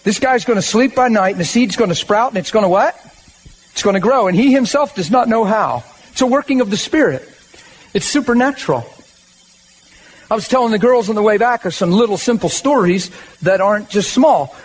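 A man's voice: high-pitched, a little fast, slightly rough. A man preaching a sermon in a conversational, emphatic way, with frequent rallying asides to the congregation.

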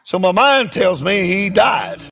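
Man, middle-aged preacher, raised-pitch voice, animated storytelling sermon. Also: measured pace, vocal fry, slightly rough. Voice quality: acts out dialogue with animated, emphatic delivery. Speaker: preacher telling a testimony.

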